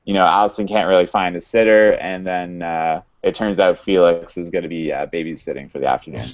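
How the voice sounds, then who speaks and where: A man hosting a podcast, casually recapping a TV episode in a halting way with many fillers and restarts. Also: low voice. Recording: dull lo-fi sound.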